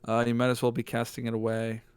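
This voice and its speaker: A man's voice: medium pitch, monotone, quick pace, a little mellow, clear, resonant tone, dry recording. A man streaming a text adventure with a friend, reading the game text aloud and ranting jokingly between turns. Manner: reads game text aloud, jokey rants. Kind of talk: casual co-op gaming chat.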